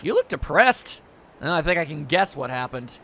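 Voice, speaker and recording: A man's voice: fairly high pitch, big pitch swings, normal speed, pushed and bright, a little hiss or hum, pitched below the performer's own voice. A man voicing a curt, stoic tough guy. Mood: firm.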